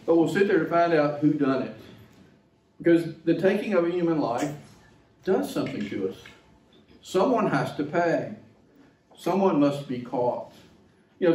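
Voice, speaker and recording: A man's voice: medium pitch, a little mellow, reverberant, recorded from a distance, slight background noise, poor audio. A male pastor preaching a sermon in a conversational, illustrative way, with asides to the congregation.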